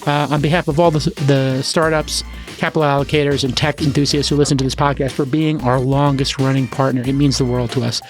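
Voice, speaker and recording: A podcast host with a mid-range voice talks quickly over soft background music, chatting and joking casually. He then shifts into an upbeat host-read ad, staying animated and jokey and turning salesy for the ad.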